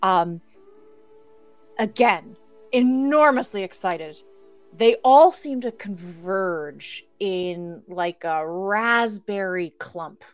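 A woman narrates a tabletop game as game master, in an unhurried, drawn-out delivery. She gropes for words and restarts her sentences as she paints each scene. Soft music plays faintly behind her. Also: mid-range voice, smooth. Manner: descriptive, searching for words with restarts.

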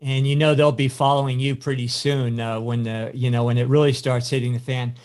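Halting male podcast co-host. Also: medium pitch, little pitch movement, darkish tone. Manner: halting, many fillers. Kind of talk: casual podcast chat.

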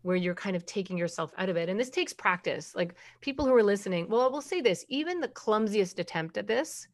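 A middle-aged woman speaks as a parenting expert in a relaxed interview. Her voice sits at an ordinary pitch. She is emphatic and keeps tossing in rhetorical questions. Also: fairly quick. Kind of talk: conversational podcast explanation.

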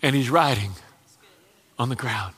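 A man preaching a sermon, telling stories with dramatic pauses and chuckling asides. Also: mid-range voice, a bit bright, husky. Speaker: pastor. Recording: long hall reverb.

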